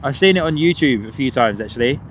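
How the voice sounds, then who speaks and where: A man's voice: medium pitch, lively intonation, fast talker. A man hosting a live plane-spotting stream outdoors, chatting with viewers and laughing often. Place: outdoors by an airport on a cold windy morning. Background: wind and outdoor ambience.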